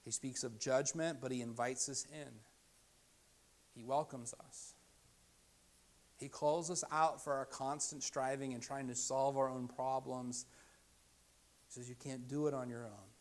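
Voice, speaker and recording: A young adult man preaching a sermon as pastor, moving from hushed, soft-spoken lines to raised, emphatic ones. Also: medium pitch, steady tone, measured pace, pauses often.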